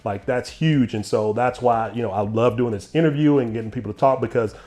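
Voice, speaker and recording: A man hosting an interview, telling a personal story in a lively, laughing way. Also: mid-range voice, brisk. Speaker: interview host. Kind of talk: casual storytelling chat.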